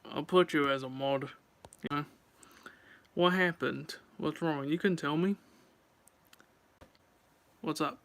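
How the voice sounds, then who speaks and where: A man's voice: on the high side, takes it slowly, pauses often, fairly bright tone. A man chatting casually on a live stream, rambling and talking straight to his viewers.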